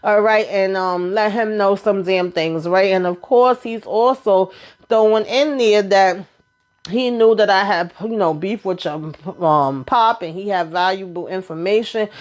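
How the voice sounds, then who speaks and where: A woman recapping a TV drama episode in an animated, slangy storytelling manner, full of asides to her viewers. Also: medium pitch, unhurried. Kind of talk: casual chatty episode recap.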